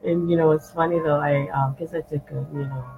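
A woman's voice: low voice, steady tone, a little fast. A woman recovering from a cough, sharing an earnest testimony in a casual prayer conversation. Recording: tinny phone-like sound with music behind.

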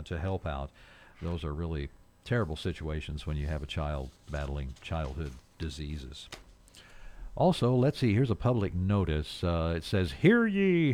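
A very deep-voiced man hosts a local morning radio show from the studio. He talks in a folksy, rambling way, reading community notices and drifting into jokes and chuckles. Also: a little mellow. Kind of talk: casual radio chat.

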